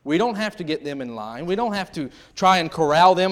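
A middle-aged man delivers a sermon in a relaxed, joking, conversational manner. His voice sits a little higher than most men's, and he talks straight to his listeners as he acts out small scenes from married life. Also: fairly quick, hardly any pauses. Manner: humorous, conversational preaching with acted-out quotes. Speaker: pastor.

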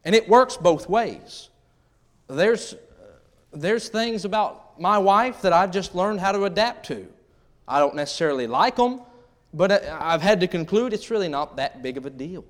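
A man's voice: high-pitched, animated, normal speed. A middle-aged man preaching a sermon in a humorous, conversational way, acting out little scenes from married life. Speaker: pastor.

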